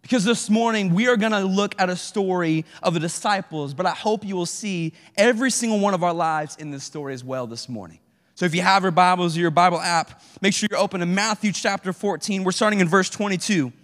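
Youth pastor, male, high voice, lively casual preaching, echoing hall. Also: fairly quick. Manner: animated, acts out prayers in character; casual slangy speech. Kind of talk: sermon. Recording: reverberant hall.

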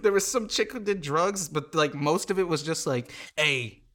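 Young male podcaster, slightly high voice, rambling sarcastic rant full of restarts. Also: moderate pace, fairly bright tone. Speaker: podcast host. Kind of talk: casual comedic rant.

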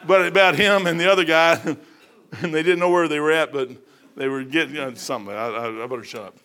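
Preacher guy, middle-aged, folksy and worked up, bright slightly high voice. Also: a little fast, clear, resonant tone. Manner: folksy and animated, rising to emphatic high peaks. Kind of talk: sermon.

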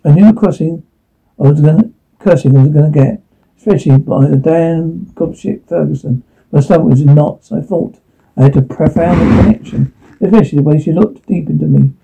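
A man's voice: on the high side, brisk, gravelly, breathy edge. A man telling a rueful first-person story from his youth, self-deprecating in tone. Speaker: narrator. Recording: tinny phone-like line.

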